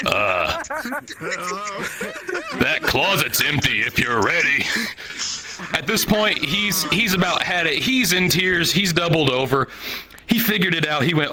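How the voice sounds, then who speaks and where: A man in his thirties telling a profane, animated stand-up story on a comedy show stage, jumping into different voices for the people he quotes. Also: a little high, unhurried.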